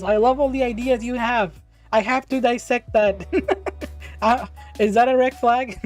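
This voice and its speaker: A woman hosting a casual livestream podcast, reading viewer questions aloud, bubbly and quick to laugh and exclaim. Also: mid-range voice, a little mellow. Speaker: podcast host and streamer.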